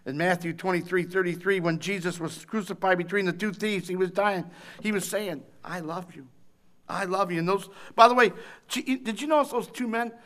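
Preaching at a fairly quick pace, this man has a voice that sits high. His phrasing is emphatic and repetitive, moving from shouting intensity to tender hushes.

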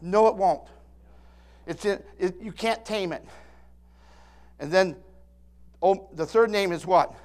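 A man's voice: high voice, takes it slowly, long pauses, a little mellow. A man in his sixties preaching a sermon as pastor, emphatic, with call-and-response asides and many repeated, restarted words.

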